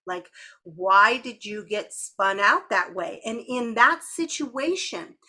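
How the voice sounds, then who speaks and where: A woman's voice: mid-range voice, animated, slow pace, sharp tone. A woman co-hosting a podcast, chatting candidly, swearing freely and laughing often. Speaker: podcast co-host. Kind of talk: casual chat.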